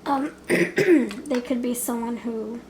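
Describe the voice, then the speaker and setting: A woman's voice: a little high, slow pace, a little mellow, a little hiss or hum, low-quality recording. Playful chatty woman tarot reader. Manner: playful, chatty, laughs often, acts out quoted lines. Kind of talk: casual pick-a-card tarot reading.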